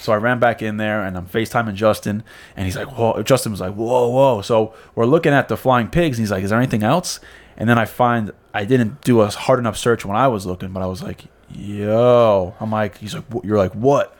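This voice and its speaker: A man's voice: lowish voice, fairly quick. A man co-hosting a podcast in casual chat, telling a story with a New York accent and acting out what people said. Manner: animated storyteller, acts out quotes. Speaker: podcast co-host.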